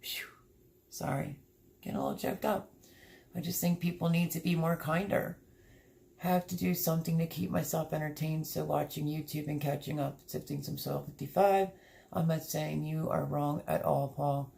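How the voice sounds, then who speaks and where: A woman's voice: low voice, level tone, moderate pace, gravelly, dark tone. A middle-aged woman hosting a homestead livestream, reading viewer comments aloud in a chatty, heartfelt way from her home. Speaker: homesteading channel host reading live chat. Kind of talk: casual livestream chat. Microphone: streaming setup.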